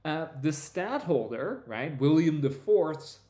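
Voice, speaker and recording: A man's voice: on the high side, animated, slow pace, dark tone, reverberant. A man who is a history professor, giving a discursive lecture-style explanation in conversation and often checking in with "right?". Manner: discursive, many restarts and "right?" tags.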